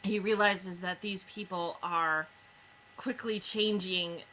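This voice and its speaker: A woman reviewing books in a casual chat, retelling stories with lots of fillers and quick asides. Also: fairly low pitch, fairly even intonation, pushed and bright, a little hiss or hum, rough recording. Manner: chatty retelling with many fillers. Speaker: book reviewer.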